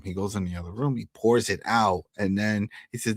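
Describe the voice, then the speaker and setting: A man with a fairly low voice reacts to a TV episode with animated energy, jumping pitch when something surprises him. He's chatty and agreeable, with a dry, close sound. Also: brisk, hardly any pauses, dry recording. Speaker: podcast co-host. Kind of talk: casual recap chat.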